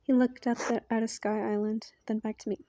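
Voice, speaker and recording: A woman reads a fan story aloud, quiet and soft-spoken, often slipping into a half-whisper. Her voice sits fairly high with a very dark, mellow tone. The recording is close and dry. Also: little pitch movement, brisk, no room sound. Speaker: fan fiction reader.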